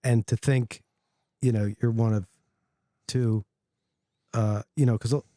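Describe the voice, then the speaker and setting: A man interviews his guest with a mellow, mid-pitched voice, often stopping and restarting his questions and chiming in with quick agreement. The sound is dry and close. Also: fairly even intonation, no echo. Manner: halting questions with frequent restarts and short agreeing replies. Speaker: interview host. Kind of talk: casual interview.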